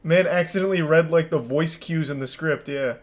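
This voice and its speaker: A man's voice: on the high side, fairly quick. A man in his thirties giving casual, sarcastic reaction commentary over a video, mocking it and swearing.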